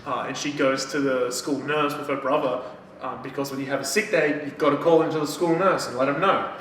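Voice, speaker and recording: Guy chatting on a podcast, swears a ton, does little voices for the characters, bright voice, echoey room, kinda far from the mic. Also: mid-range voice, steady tone, a little fast, slight background noise. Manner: swears a lot, acts out characters' lines. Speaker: podcast co-host. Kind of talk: casual chat.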